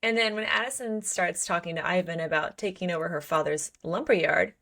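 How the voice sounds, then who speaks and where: A woman with a lowish, creaky voice talks fairly quickly as co-host of a book podcast. In casual, animated chat, she acts out the characters' lines while recapping.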